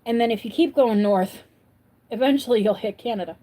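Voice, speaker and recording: A woman's voice: on the high side, brisk, dark tone. A woman from upstate New York hosting a casual livestream, chatting and answering viewers' comments as she goes. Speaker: livestream host.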